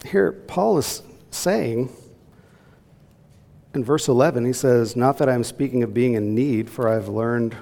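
A man's voice: mid-range voice, unhurried, gravelly, warm tone. A man teaching a Bible class to a group in a church room, talking conversationally and asking them questions. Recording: long hall reverb.

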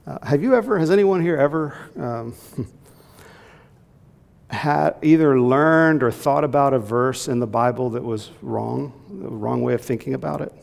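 Creaky-voiced man teaching a Bible class. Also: medium pitch, moderate pace. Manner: conversational, asks the group questions. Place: church room with a group. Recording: long hall reverb.

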